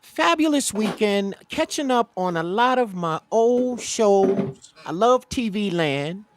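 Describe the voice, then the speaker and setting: A man co-hosting a live comedy chat, brassy and joking, with loud greetings. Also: sits high, animated, takes it slowly, no room sound. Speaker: co-host.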